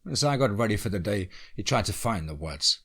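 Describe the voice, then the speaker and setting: A man narrating a scripted horror story in a measured, tense storytelling manner. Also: lowish voice, lively intonation, slightly rough.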